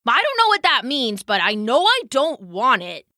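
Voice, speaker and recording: A woman's voice: high-pitched, wildly swooping pitch, moderate pace, pushed and bright, no echo, studio quality, full character voice. A woman voicing a grumpy, imperious male fly who rules a tiny castle, scoffing at visitors. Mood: haughty grumpy.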